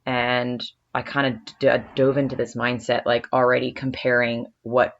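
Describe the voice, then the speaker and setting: A woman co-hosting a podcast, chatty and upbeat and quick to laugh. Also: a bass voice, flat delivery, muffled recording, a little hiss or hum. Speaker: podcast co-host. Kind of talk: casual chat.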